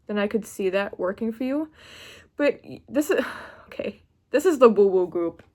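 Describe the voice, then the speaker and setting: A young woman giving a pick-a-card tarot reading, chatty and excitable, often breaking off mid-word. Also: mid-range voice, normal speed. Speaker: tarot reader.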